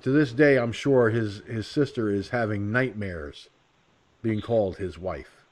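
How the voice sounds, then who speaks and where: A man hosting a casual radio talk show, blunt and profane, rambling and slipping into quick impressions. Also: lowish voice. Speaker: host.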